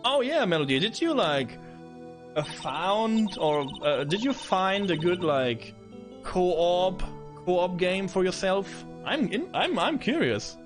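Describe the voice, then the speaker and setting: A man's voice: sits high, very animated, slow pace, over music. A man streaming a game and chatting casually, rambling and correcting himself as he goes. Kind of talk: casual let's play chat.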